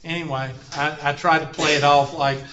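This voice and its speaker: A man's voice: on the high side, level tone, normal speed, fairly bright tone, slight background noise. A man teaching a math class, drifting into joking stories and asides. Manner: folksy, joking asides and anecdotes. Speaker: math instructor. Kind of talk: classroom lecture. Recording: roomy, dull classroom recording.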